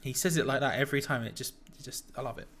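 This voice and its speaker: A man's voice: medium pitch, rapid-fire, crowd noise. A man in a mid-range voice chats casually through a live football stream. He trades dry, jokey remarks with his co-host. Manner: wry, jokey banter. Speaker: co-host of a match watch-along. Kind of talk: casual live match chat.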